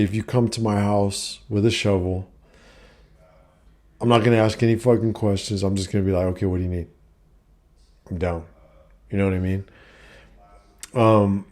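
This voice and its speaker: A middle-aged man with a fairly low, mellow voice tells a personal story in a casual vlog where he gives life advice. He's blunt and profane and uses lots of fillers.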